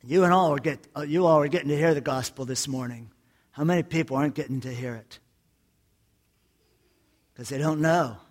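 A man's voice: a little high, a little fast, pauses often. A man preaching a sermon to his congregation, telling jokes and stories and repeating his points emphatically. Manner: lively storytelling preacher with jokes and emphatic repetition. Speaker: pastor.

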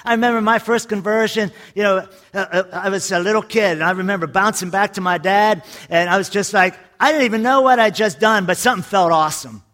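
A man's voice: high-pitched, a little fast, few pauses. A man preaching a sermon to his congregation, telling jokes and stories and repeating his points emphatically. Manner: lively storytelling preacher with jokes and emphatic repetition. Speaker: pastor.

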